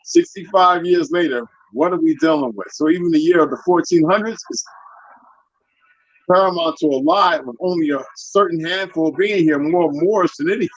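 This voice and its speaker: A man's voice: sits high, expressive, moderate pace, no echo, lo-fi sound. A man lecturing in a casual talk-show chat, full of his own theories. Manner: lecturing, talks about himself as a linguist. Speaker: guest.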